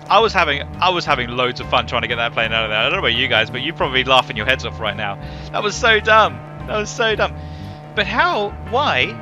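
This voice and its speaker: A man talks over his game in a rambling, self-mocking way, breaking into loud exclamations. His pitch sits mid-range for a man. Game music plays clearly behind him. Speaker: gaming YouTuber. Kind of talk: casual gameplay commentary.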